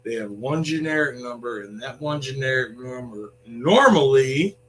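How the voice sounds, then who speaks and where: A man's voice: medium pitch, animated, moderate pace, a bit bright, a little hiss or hum, rough recording. A man ranting in a blunt, sarcastic vlog monologue, swearing freely. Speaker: vlogger.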